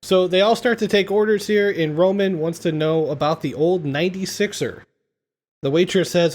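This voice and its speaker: A man with a slightly raised speaking pitch hosts a laid-back podcast. He walks through a comedy film scene by scene in an easy, conversational way. He chuckles often as he retells the moments. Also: moderate pace. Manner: laughs often while retelling. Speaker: podcast host.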